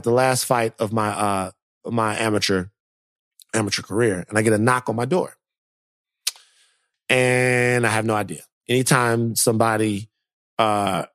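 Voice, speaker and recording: In a clean, echo-free studio recording, a male podcast co-host with a fairly low voice spins a story during casual conversation. He's an animated storyteller who performs the characters' lines.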